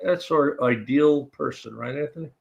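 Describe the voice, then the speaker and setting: A man co-hosting a livestream in casual chat, dropping dry, quick quips. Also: a little high, vocal fry, dull audio. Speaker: livestream co-host.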